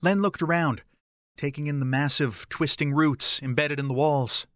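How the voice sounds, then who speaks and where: A man narrating an audiobook in a steady, even storytelling voice. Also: fairly high pitch, moderate pace, dry recording, clean studio sound. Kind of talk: scripted narration.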